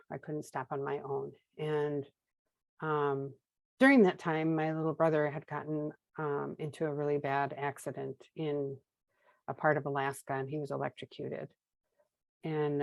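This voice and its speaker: A woman's voice: low voice, creaky, dry recording, low-quality recording. A woman in her fifties from Minnesota, candidly telling her recovery story as a guest, with wry humor and acted-out dialogue. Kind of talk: casual personal storytelling.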